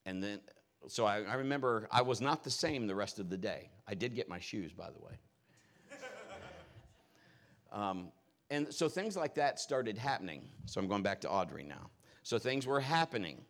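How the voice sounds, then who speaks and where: A man's voice: lowish voice, very animated, moderate pace, fairly bright tone. A male pastor preaching a conversational storytelling sermon in a folksy, personal way with rambling asides.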